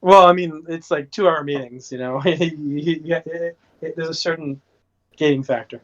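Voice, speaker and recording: A man's voice: on the high side, steady tone, moderate pace. A man playing in a tabletop game who jokes around, stumbling and restarting as he talks. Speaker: player. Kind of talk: casual tabletop game chat. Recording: dull lo-fi audio.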